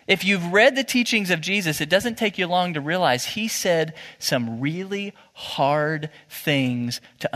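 A man preaching a sermon as pastor, talking casually and then rising to animated emphasis. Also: on the high side. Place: church sanctuary. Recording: church hall with long reverb.

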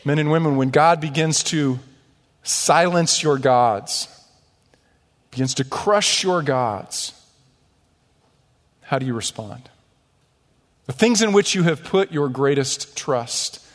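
A man preaching a sermon in a church, animated, with mocking asides and rhetorical questions. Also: mid-range voice, takes it slowly, long pauses, big-room sound. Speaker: pastor. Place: church sanctuary.

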